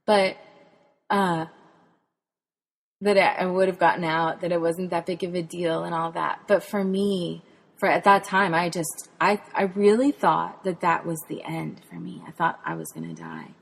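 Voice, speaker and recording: A woman's voice: on the low side, fairly even intonation, a little slow, gravelly. A woman from Texas, a podcast host and spirituality author, earnestly tells a personal faith testimony in a reflective way. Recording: long hall reverb.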